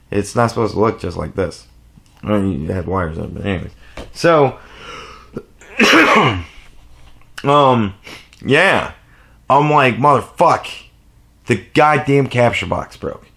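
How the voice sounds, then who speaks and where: A man's voice: mid-range voice, animated, unhurried, vocal fry, long pauses, fairly bright tone. A man telling a rambling, profane story in a casual vlog rant. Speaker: vlogger.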